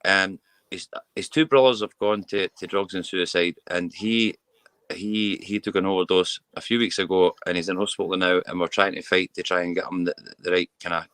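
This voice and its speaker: A Scottish man with a deep, low-pitched voice talks with open, earnest feeling. He often restarts and repeats words as he pushes his point. The sound is dry and close, with no room echo. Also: fairly even intonation, normal speed, fairly bright tone, smooth. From Scotland. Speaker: mental health campaigner, guest. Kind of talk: candid interview talk.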